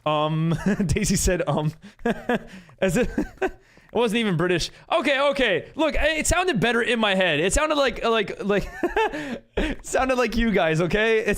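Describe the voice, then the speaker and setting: High-pitched and fairly bright, a man's voice carries a relaxed live game stream. He reads viewer messages aloud, replies to them at rambling length, and giggles often along the way.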